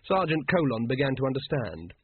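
A man's voice: medium pitch, sing-song, a little fast, a little hiss or hum. A man reading a comic fantasy story aloud, with a dry, wry narrating manner. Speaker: audiobook narrator. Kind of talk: scripted narration. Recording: phone-like narrow band.

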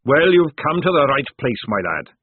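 A man voicing a jovial, burly older male army recruiting sergeant with booming, wheedling sales patter, husky and lively in tone. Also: normal speed, no room sound. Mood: hearty. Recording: tinny phone-like dry sound.

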